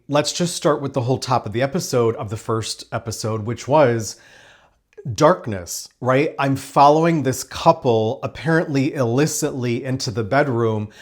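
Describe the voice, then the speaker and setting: A man hosting a casual spoiler review of a crime drama, talking in a chatty, enthusiastic way with rambling asides. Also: mid-range voice. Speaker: TV review host.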